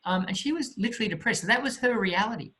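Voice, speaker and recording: A man giving a motivational talk, telling a story in an animated way with vivid sound effects. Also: high-pitched, fast talker, heavy background noise. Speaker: motivational speaker.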